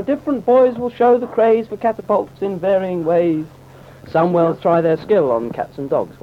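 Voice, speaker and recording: Man reciting mock-solemn comic verse. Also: a little high. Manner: mock-solemn, theatrical delivery. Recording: dull, slightly noisy old recording.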